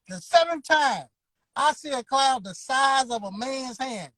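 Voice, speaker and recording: A man's voice: extremely high pitch, animated, bright, forceful tone, dry recording, rough recording. Emphatic man in his fifties. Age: 50s. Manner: emphatic, preacher-like, drawn-out words. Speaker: interview guest, barber school owner. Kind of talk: motivational storytelling.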